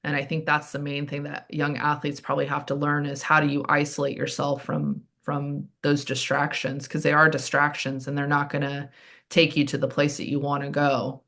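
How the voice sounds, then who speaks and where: A woman in her thirties, a handball player and team director, telling stories in a chatty, animated way as an interview guest. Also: deep voice, normal speed. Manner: chatty, animated storytelling with frequent "like" and "um". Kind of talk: casual interview chat.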